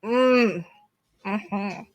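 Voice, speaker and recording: A woman's voice: mid-range voice, very slow. A young American woman streaming live, chatting playfully and swearing freely. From United States. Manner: animated, playful and swearing, with sudden squeals. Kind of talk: casual live-stream chat.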